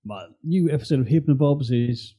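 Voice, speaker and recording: A man's voice: medium pitch, normal speed, dark tone, breathy edge. A man co-hosting a podcast, speaking briefly in an understated way. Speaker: podcaster guest co-host. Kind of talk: casual chat.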